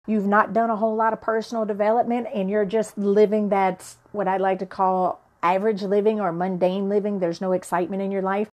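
A woman's voice: mid-range voice, a little mellow. A middle-aged woman hosting a motivational podcast, preaching and swearing to her listeners in a fired-up way. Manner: fired-up, preachy, profane, talks straight to listeners. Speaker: podcast host.

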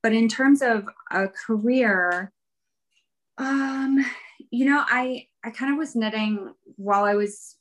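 A woman's voice: on the high side, slow, a little hiss or hum, low-quality recording. Chatty woman guest, rambling storyteller. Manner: rambling and chatty, laughs while talking. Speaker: guest, fiber arts professional. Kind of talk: casual interview chat.

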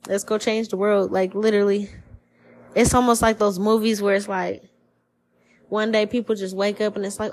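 A woman's voice: medium pitch, normal speed, poor audio. Profane, slangy woman giving a spiritual reading. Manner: profane, slangy, animated storytelling with put-on quoted voices. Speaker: tarot reader. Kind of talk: casual spiritual reading podcast.

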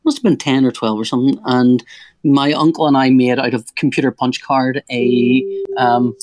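A man's voice: medium pitch, steady tone, normal speed, a little mellow. A man in his forties, a comic artist talking casually in an interview, rambling and restarting his sentences with a joking streak. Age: 40s. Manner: rambling, self-interrupting, jokey.

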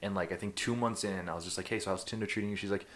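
A young man with a very low voice talks quickly and loosely, laughing often and swearing freely. His tone stays laid-back and chatty as he co-hosts a casual podcast. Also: fairly even intonation, fairly bright tone. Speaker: podcast co-host. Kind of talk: casual chat.

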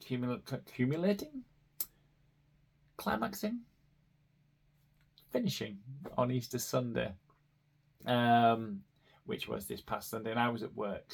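Middle-pitched man, casual rambling podcast host. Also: vocal fry. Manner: rambling, chatty, with frequent ums and self-corrections. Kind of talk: casual personal podcast monologue.

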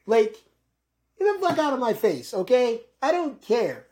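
A woman's voice: a little high, sing-song, measured pace, darkish tone. A woman hosting a podcast, talking casually and ranting with lots of swearing and emphatic repetition. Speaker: podcast host.

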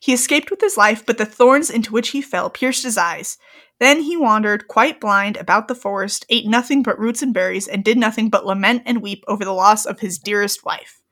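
A young woman co-hosts and reads an old-fashioned fairy tale, then giggles and slips into joking commentary. Her voice is medium-pitched and a bit bright, at a moderate pace.

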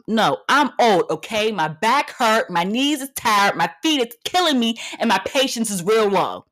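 A woman's voice: a little high, lively intonation, normal speed, a bit bright. A woman in her thirties rants like a podcast host and talks straight into the mic. She is brash and confrontational. She swears freely and repeats short lines over and over for punch. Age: 30s. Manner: blunt and confrontational. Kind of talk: comedic rant monologue.

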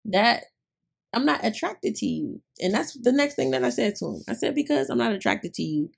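Raspy, laughing woman telling a story. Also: fairly high pitch, normal speed. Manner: laughs often, animated retelling. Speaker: podcast host. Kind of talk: casual storytelling chat.

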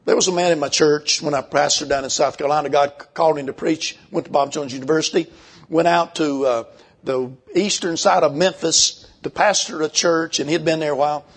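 An older man preaching a sermon, folksy and emphatic, slowing down when he reads scripture. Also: a little high, fairly even intonation, breathy edge.

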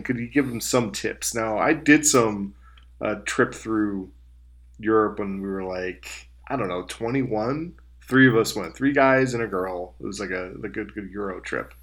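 A man's voice: fairly low pitch, a little slow, fairly bright tone. A young man co-hosting a podcast in casual chat, sarcastic, swearing freely and doing mocking voices. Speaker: podcast co-host.

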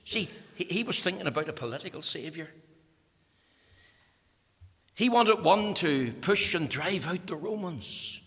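Fervent preacher, husky and bright. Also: male voice, sits high, expressive, measured pace, pauses often, in a large hall. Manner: fervent, swings between loud declaring and hushed whispers. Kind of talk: sermon.

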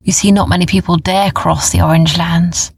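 A woman voicing a cloth-wrapped desert trader who explains things in a calm, kindly way. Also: fairly low pitch, moderate pace, gravelly, slightly rough, dry recording. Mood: kindly explaining.

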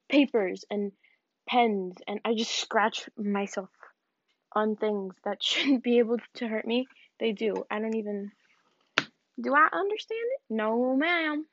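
A woman's voice: medium pitch, no room sound. A young woman from the American South, rambling in a casual vlog with self-mocking, giggly asides while she tidies up. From Southern United States. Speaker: vlogger. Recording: dull, dry lo-fi recording.

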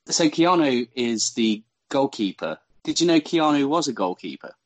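Podcast co-host, mid-pitched, wry deadpan questions in casual film chat. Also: male voice, moderate pace.

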